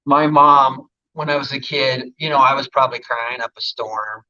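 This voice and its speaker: A man's voice: medium pitch, normal speed, bright, forceful tone, highs cut off. A man, an actor as an interview guest, telling earnest, reflective stories about his craft. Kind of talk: casual interview chat.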